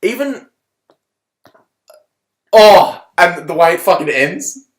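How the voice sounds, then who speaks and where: A man co-hosting a casual film review podcast, animated and swearing, often mocking characters in put-on voices. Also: high-pitched, takes it slowly, echoey room. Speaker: podcast co-host.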